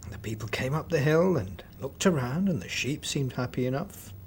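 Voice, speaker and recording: Man telling a children's story, lively voice. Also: mid-range voice, slight background noise. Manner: expressive, dramatic pauses. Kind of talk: storybook narration.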